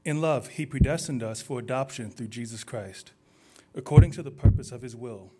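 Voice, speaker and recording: A man reading a scripture passage aloud in a church service at a steady, measured pace. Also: medium pitch. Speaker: scripture reader.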